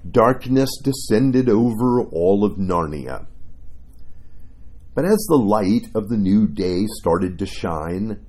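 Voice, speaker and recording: A male preacher giving a devotional sermon with earnest, expressive storytelling. His voice is low, mellow and a little husky. He speaks slowly, with wide, lively rises and falls in pitch.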